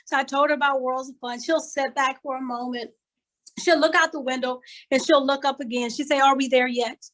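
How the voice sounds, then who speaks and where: High-voiced older woman preaching a story. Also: steady tone, brisk, a bit bright, poor audio. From Kansas City, USA. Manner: emphatic, repeats phrases like a preacher. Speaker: conference speaker. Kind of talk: motivational storytelling talk. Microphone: video call.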